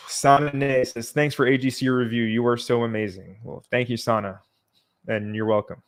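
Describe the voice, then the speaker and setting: A man hosts a casual livestream and talks over viewer comments at an easy pace, with fillers and small sighs. His pitch stays low-key and flat and barely moves. He sounds close to his microphone. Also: normal speed. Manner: relaxed, chatty, reads out viewer comments. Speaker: livestream host.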